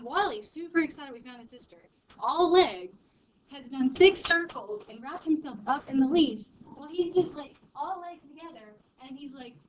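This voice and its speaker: A woman's voice: sits high, noisy background. Chatty woman teacher, lo-fi recording. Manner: chatty, rambling, with fillers and laughs. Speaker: chemistry teacher. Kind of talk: classroom lecture and personal story. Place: classroom. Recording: dull lo-fi classroom recording.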